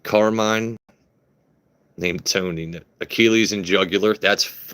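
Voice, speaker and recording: A man with a lowish voice hosts a relaxed whiskey livestream, riffing crudely and joking with his viewers. He talks off the cuff, swearing freely as he chats and pours. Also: a little slow. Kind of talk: casual livestream chat.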